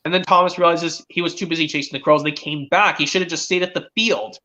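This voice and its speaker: A man's voice: a little high, fairly even intonation, fast, bright, forceful tone. A teenage boy streaming, chatting eagerly in a rambling way with many restarts. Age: teens. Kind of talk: casual chat.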